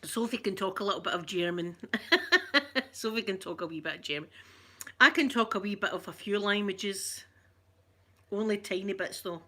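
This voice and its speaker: An older Scottish woman chatting softly and affectionately in an ASMR vlog, rambling along and greeting viewers by name. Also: mid-range voice, normal speed. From Scotland. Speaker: ASMR vlogger.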